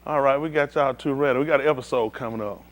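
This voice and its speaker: Leading a group trivia game, a fast-talking man with a medium-pitched voice keeps the room's banter lively, playfully teasing players and calling each one by name.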